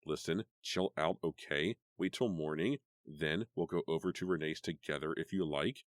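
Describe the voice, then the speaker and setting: A man reading an audiobook, voicing a calm, steady teenage girl who soothes her friend in a quiet voice. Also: a bass voice, normal speed, no room sound. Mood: soothing.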